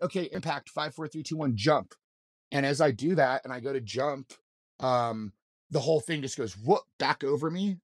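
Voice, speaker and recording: A man's voice: mid-range voice, dry recording. Man telling a wild story, dry close mic. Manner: vivid, swearing, rambling with fillers and restarts. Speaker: mountain guide and podcast guest. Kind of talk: casual storytelling in an interview.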